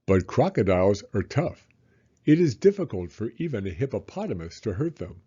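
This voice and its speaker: A man reading a children's story aloud, with a lively, swooping delivery. His voice is husky and mellow, and the recording sounds slightly dull. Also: lowish voice, moderate pace. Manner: expressive, dramatic.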